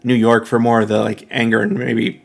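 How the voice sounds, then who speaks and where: Male podcast co-host, mid pitch, relaxed, short interjections. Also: brisk, vocal fry. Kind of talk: casual chat.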